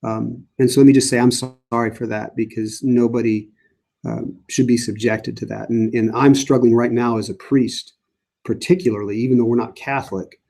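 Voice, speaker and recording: A man's voice: medium pitch, steady tone, normal speed, gravelly, warm tone. A middle-aged man, a priest, leading a casual Bible study and answering viewer questions with frequent fillers and restarts. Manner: conversational, many fillers and restarts.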